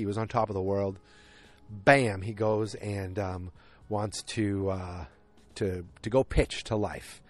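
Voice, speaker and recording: A man with a lowish voice talks off the cuff outdoors on a windy evening. He rambles and riffs through a recap, jumping into the characters' lines as he goes. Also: steady tone, a little slow. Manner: chatty, riffing, acts out characters' lines. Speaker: vlogger recapping a TV episode.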